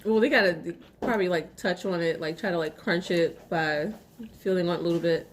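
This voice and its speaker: A woman's voice: on the low side, fairly quick, a little hiss or hum. A woman friend chatting and joking over food at home, teasing the host. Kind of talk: casual chat at a meal. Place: home, indoors.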